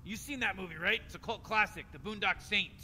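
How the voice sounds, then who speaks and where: Rick, a smug old scientist. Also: male voice, high-pitched, brisk, bright, forceful tone, big-room sound, slight background noise. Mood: dismissive soothing. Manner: rambling, offhand explaining. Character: old male mad scientist, smug and scheming. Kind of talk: video game character dialogue.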